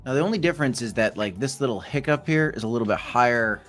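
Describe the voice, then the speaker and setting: A man's voice: mid-range voice, expressive, fast talker, fairly bright tone, soft background music. A man hosting a casual live stream of market commentary, chatty with playful asides and bursts of hype. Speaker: crypto live stream host.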